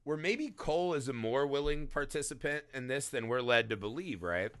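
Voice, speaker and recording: A man hosting a casual film discussion podcast, animated and peppering his talk with "right?". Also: mid-range voice, normal speed, dry recording, clean studio sound. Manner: animated, swearing, frequent "right?". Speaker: podcast host.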